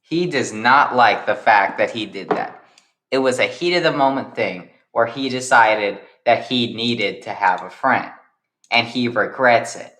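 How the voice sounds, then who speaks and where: A man's voice: medium pitch, sharp tone, roomy sound. A young man improvising a retelling of his own character story, rambling eagerly and restarting his explanations. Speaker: storyteller, series creator.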